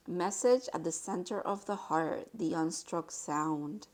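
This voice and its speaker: Excitable woman reading tarot cards. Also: on the low side. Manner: excitable and gushing, exclaiming often; reads card text aloud in a slower, softer voice. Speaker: tarot reader. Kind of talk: casual tarot card reading to viewers.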